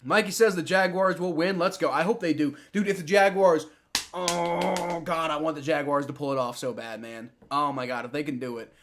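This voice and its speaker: High-voiced dude reacting live to football, gets worked up, swears a lot. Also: male voice, normal speed. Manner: excitable, swears, repeats himself.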